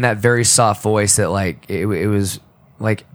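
A man on a podcast telling a deeply personal story in a halting, emotional way, often restarting his sentences and choking up. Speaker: podcast co-host. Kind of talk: personal storytelling in casual talk.

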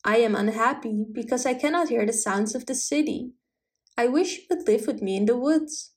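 A woman voicing a gentle, soft-spoken woodland boy. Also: fairly high pitch, normal speed, natural voice. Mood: sad. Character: gentle, quiet young boy from the woods.

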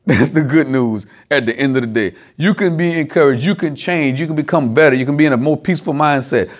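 A slightly high-voiced man moves fast through a casual sermon for a small crowd. He's animated, talks right to his listeners, and relies on everyday examples.

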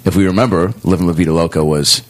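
Male podcast host, deep voice, laid-back storyteller. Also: steady tone, fast talker. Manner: storytelling, joking. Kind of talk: casual chat. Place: home in Seattle.

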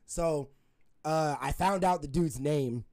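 A man's voice: a little high, slow, a little mellow. A young man telling a story in casual podcast chat, rambling with lots of fillers and frequent laughter.

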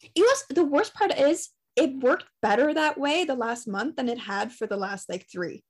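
A woman's voice: sits high, normal speed. Young woman telling stories animatedly. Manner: animated storytelling, swearing, laughing often. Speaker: podcast co-host. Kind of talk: casual chat.

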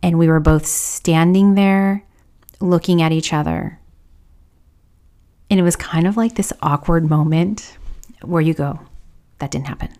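Gravelly-voiced woman podcast host. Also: lowish voice, a little slow, pauses often. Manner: confessional, quoting others in hushed whispers. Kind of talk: personal storytelling.

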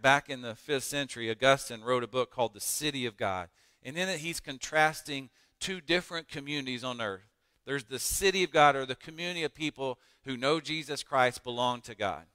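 Bright, crisp preaching man. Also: fairly high pitch, dry recording, clean studio sound, big-room sound. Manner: emphatic preaching with dramatic pauses and swells in volume. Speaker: pastor. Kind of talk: sermon.

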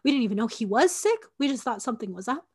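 A woman's voice: fairly high pitch, lively intonation, quick pace, husky. A woman in her twenties recounting a personal story in casual podcast talk, with lots of "like" and fillers, acting out what people said. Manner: conversational, frequent "like" and fillers, acts out quoted dialogue.

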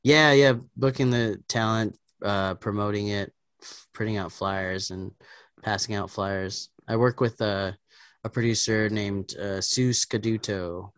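A man's voice: on the low side, steady tone, measured pace, fairly bright tone, clean tone, no room sound, studio quality. A male comedian chatting as a podcast guest, joking and laughing often, with lots of fillers. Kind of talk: casual podcast chat.

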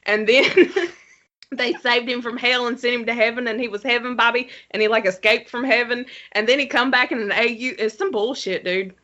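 A woman, a podcast guest chatting casually and swearing excitedly. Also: on the high side, normal speed. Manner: excitable, profane. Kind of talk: casual chat. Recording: dull lo-fi sound.

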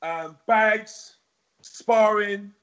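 A man being interviewed as a podcast guest, talking in a rambling, repetitive, animated way with a husky voice. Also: sits high, extremely slow, highs cut off. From United Kingdom.

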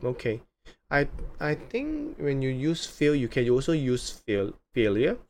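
A man hosting a live interview show, speaking deliberately with hesitant fillers and repeating phrases slowly. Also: mid-range voice, very animated, darkish tone, a little hiss or hum.

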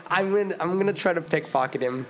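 A man's voice: a little high, quick pace, fairly bright tone. A young man playing a tabletop game, eager and stammering as he talks. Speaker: player.

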